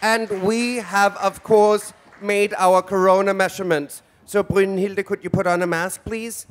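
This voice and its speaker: A man's voice: high-pitched, level tone, a little slow, some chatter behind. A man in his forties hosting a live event as a drag queen, with flamboyant, theatrical camp banter on stage. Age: 40s. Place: event stage before an audience.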